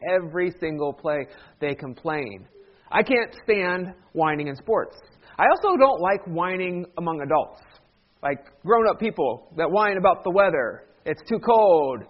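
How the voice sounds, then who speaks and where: High-voiced joking pastor. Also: male voice. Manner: joking, conversational storyteller. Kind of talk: sermon with humor. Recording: dull lo-fi sound.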